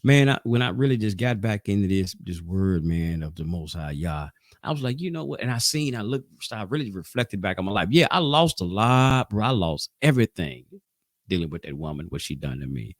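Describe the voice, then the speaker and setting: A man's voice: low-pitched, lively intonation, a little fast, dry recording, clean studio sound. A man leading an informal Sabbath Bible class, talking loosely and conversationally, pushing hard on key points and stumbling through restarts. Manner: loose and conversational, rising and falling in emphasis, with frequent restarts.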